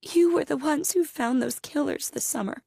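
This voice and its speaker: Lady narrator doing a frantic mom, shaky high voice, desperate, audiobook. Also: moderate pace, creaky, warm tone, dry recording, clean studio sound. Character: frantic, sobbing mother.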